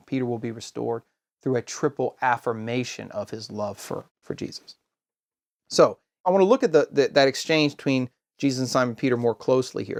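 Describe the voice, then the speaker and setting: A man giving a scripture lesson in a steady explanatory way, posing rhetorical questions and pausing for emphasis. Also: mid-range voice. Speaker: Bible teacher.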